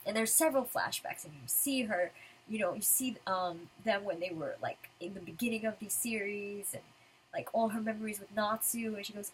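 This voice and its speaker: A woman's voice: mid-range voice, normal speed, slight background noise, poor audio. A woman talking casually while reading through a manga chapter, chatty and full of fillers. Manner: chatty, filler-heavy fan talk. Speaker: manga reviewer.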